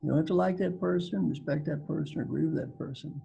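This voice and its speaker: Older kentucky guy, gravelly and husky, joking around and repeating himself, kinda dark tone. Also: on the high side, quick pace, lo-fi sound. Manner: folksy, joking, repeats phrases for emphasis. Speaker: coaching guest speaker. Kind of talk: casual storytelling on a video call panel.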